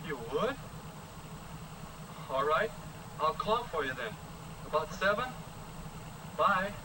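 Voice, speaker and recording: A man's voice: fairly high pitch, animated, takes it slowly, distant mic. An actor playing a nervous teenage boy asking a girl out in an old educational film, speaking in a hesitant, earnest way. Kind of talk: 1950s educational film acting. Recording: noisy old film soundtrack from afar.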